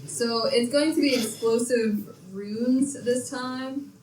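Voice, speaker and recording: A woman's voice: on the high side, fairly even intonation, slow, a little mellow, roomy sound, far from the mic, a little hiss or hum, rough recording. A woman playing a tabletop game, talking in a plain, matter-of-fact way. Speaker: player.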